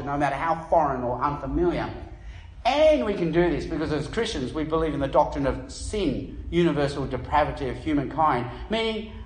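Australian pastor preaching in an echoey room. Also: male voice, fairly high pitch. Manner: animated storytelling, acts out voices in anecdotes. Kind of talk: sermon.

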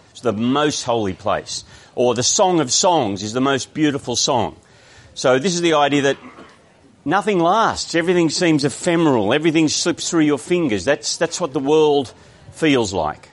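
A man with an Australian accent preaching a sermon, explaining a text in a conversational way with frequent restarts. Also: medium pitch.

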